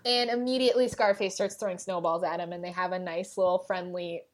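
Animated laughing woman podcaster. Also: lowish voice, a little fast. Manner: animated, laughs often, acts out characters. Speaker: podcast co-host. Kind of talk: casual chat recapping a show.

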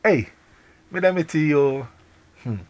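A man with a Ghanaian accent in a casual phone chat, talking in an animated, rambling way with many restarts and exclamations. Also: fairly high pitch, a little slow, no echo. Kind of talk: casual phone chat mixing Twi and English.

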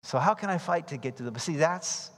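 A man preaches in a lively, animated way, his voice sitting high for a man. He acts out the people in the story and shouts for emphasis, and the sound hangs in the long reverb of a big hall. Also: a little fast. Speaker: pastor. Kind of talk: expository sermon.

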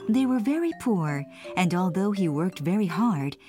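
Woman reading a storybook aloud, warm mellow tone, soft music underneath. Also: fairly low pitch, normal speed. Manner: clear, expressive reading. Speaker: narrator. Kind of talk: scripted storybook narration.

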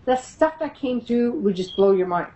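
In a casual interview, this middle-aged paranormal investigator tells her stories with animation, laughing often and acting out quoted voices. Her voice is a little high and warm at normal speed, and the audio quality is poor.

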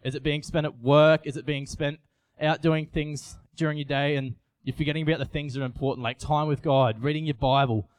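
A man's voice: a little high, steady tone, fairly quick, hardly any pauses, clean tone, no room sound. A young man, giving an earnest, confessional sermon with frequent restarts. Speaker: youth preacher. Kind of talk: personal sermon.

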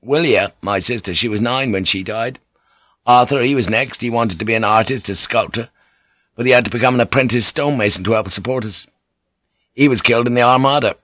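A man's voice: mid-range voice, fairly quick, a bit bright, no echo, clean studio sound, close to an everyday voice. A man reading an audiobook, voicing an earnest, plain-spoken English sea captain who is serious and weary.

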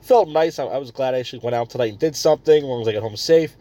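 A man's voice: medium pitch, racing, dark tone, no room sound, muffled recording. A man hosting a comedy podcast, ranting crudely and rambling between stories. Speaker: podcast host.

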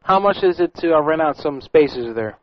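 A man hosting prank calls in a cheeky, goofy, deadpan way. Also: fairly high pitch, moderate pace. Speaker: prank show host. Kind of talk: casual chat. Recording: dull lo-fi sound with music.

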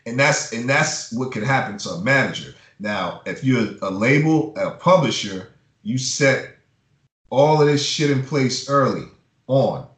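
A man talks through an interview in a room with an echo, his voice bouncing off the walls. He speaks bluntly and swears freely, getting heated as he rants in casual conversation. His pitch sits in a middle range. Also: expressive, measured pace, fairly bright tone. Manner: blunt, profane, heated ranting. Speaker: music publisher. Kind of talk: casual advice talk in an interview. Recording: roomy echo.

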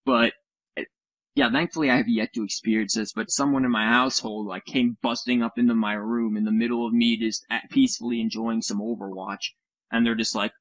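A man's voice: mid-range voice, fairly even intonation, fairly quick, a bit bright, no room sound, low-quality recording. A man co-hosting a casual chat over a voice call, sarcastic and mocking, swearing now and then. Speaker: podcast co-host. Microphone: computer mic on a voice call.

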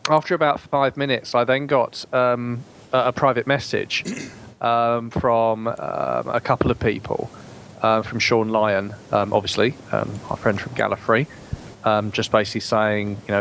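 A man's voice: medium pitch, steady tone, moderate pace, creaky, a bit bright, a little hiss or hum. A man, a guest on a casual podcast, telling a story in a rambling, hesitant way. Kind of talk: casual chat.

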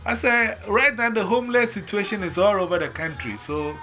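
A man's voice: sits high, fairly quick, soft background music. A man with a Ghanaian accent telling a bus story in casual chat, acting out the voices he quotes. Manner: animated, acts out quoted voices. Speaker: storyteller in conversation.

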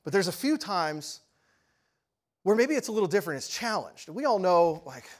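A man with a high-pitched voice and moderate pace preaches a sermon, telling a story with lively energy and frequently asking the audience questions.

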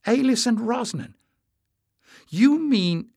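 A man's voice: mid-range voice, very animated, moderate pace, creaky, fairly bright tone, slightly rough, no echo, clean studio sound, voice pushed up, exaggerated voice. A man reading an audiobook voices a bold young woman adventurer who speaks in a pert, outspoken way.

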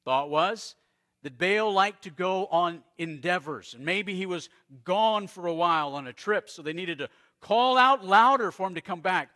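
Bright slightly high voiced pastor guy from arizona, storytelling sermon, drops quiet then booms. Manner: storytelling preacher, dramatic pauses and swings in loudness.

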